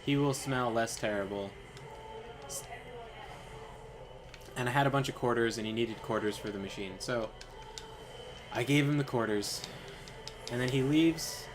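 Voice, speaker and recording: A man's voice: medium pitch, a little slow, pauses often, background noise. A young man streaming a game, telling a rambling story in casual chat with lots of fillers. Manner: rambling, animated, lots of fillers and quoted voices. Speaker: gaming streamer. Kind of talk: casual storytelling while playing.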